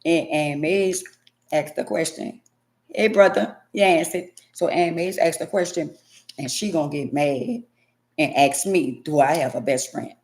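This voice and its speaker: A woman doing a comedic monologue in slang, acting out an argument between partners in loud and quiet turns. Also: sits low, unhurried. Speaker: comedic vlogger.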